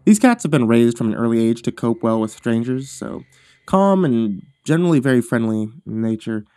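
A man reading a first-person horror story aloud in a measured, hushed storytelling manner that drops low at tense moments. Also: expressive, smooth, no room sound.

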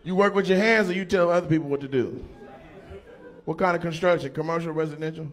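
A man doing stand-up crowd work, loudly teasing an audience member in a playful way. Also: on the high side, fast talker. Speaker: stand-up comedian. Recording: live room with faint ambience.

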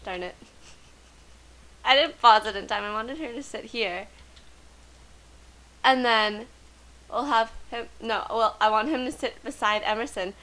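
A woman giving chatty, excitable commentary while playing a life-simulation game. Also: on the high side, measured pace, long pauses, rough recording. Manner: chatty, excitable, gasps and laughs often. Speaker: let's play gamer. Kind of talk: casual gameplay commentary.

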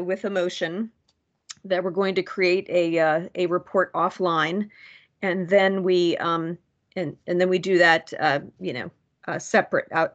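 A woman presenting research at a public commission meeting, halting, with many fillers and restarts. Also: lowish voice, a bit bright.

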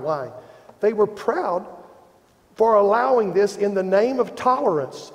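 Midwestern pastor guy preaching, earnest, kinda high voice, big echoey church sound. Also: animated, normal speed. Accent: Midwestern American. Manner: earnest, self-deprecating, rises in emphasis. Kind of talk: sermon. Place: church sanctuary. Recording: long hall reverb.

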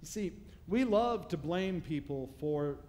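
A man's voice: on the high side, lively intonation, unhurried, a little mellow. A male pastor preaching a sermon in a church, conversational and humorous, with rhetorical questions. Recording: long reverb of a large hall.

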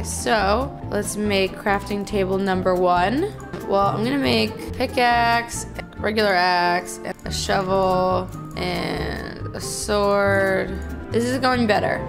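A young woman streaming a game in casual chatter, excitable, gasping and cursing at what happens on screen. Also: medium pitch, vocal fry. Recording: music playing behind her.

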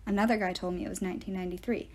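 A woman reading a novel aloud in the first person with expressive storytelling. Her voice is mellow and husky. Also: fairly low pitch, very fast, poor audio. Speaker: reader of audiobook chapters.

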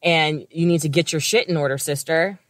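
A woman's voice: deep voice, steady tone, normal speed, a bit bright, dry recording, studio quality. An American woman co-hosting a podcast, chatty and opinionated, with casual swearing. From United States. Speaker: podcast co-host. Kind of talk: casual chat.

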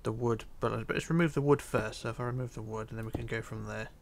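Counting blocks quietly as he builds, a yawning, tired tutorial host walks through a casual game tutorial. His mid-range, gravelly voice runs fast and relaxed, dipping close to a whisper at times, against slight background noise.

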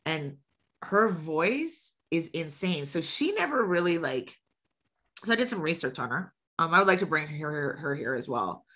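A woman's voice: sits low, sing-song, normal speed, pushed and bright. A woman who books music acts, chatting casually as a podcast guest, blunt and swearing freely. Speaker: guest, music promoter and booking agent.

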